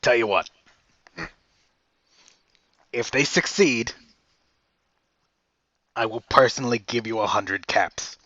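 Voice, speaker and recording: A man's voice: mid-range voice, slow pace, long pauses, bright, forceful tone, no echo, lo-fi sound. A man voicing a weary, exasperated male town guard who speaks bluntly and drily. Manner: dry, fed-up and blunt.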